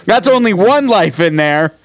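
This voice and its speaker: A man's voice: high voice, lively intonation, moderate pace, no echo. A man co-hosting a podcast, recapping a TV episode in casual chat, swearing and laughing, acting out the characters as he goes. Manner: laughing, profane, acts out characters mid-recap. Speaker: podcast co-host.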